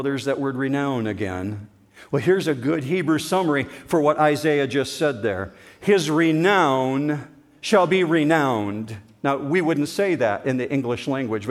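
A man preaching to a church congregation in an emphatic sermon style. His voice sits in a middle pitch, and he slows down to lean on the words he wants to stress. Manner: emphatic, drawing out key words. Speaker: pastor.

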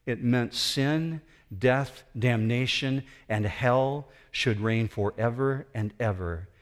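Slow, dramatic male preacher. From United States. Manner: dramatic, builds to emphatic high peaks. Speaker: pastor. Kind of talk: sermon.

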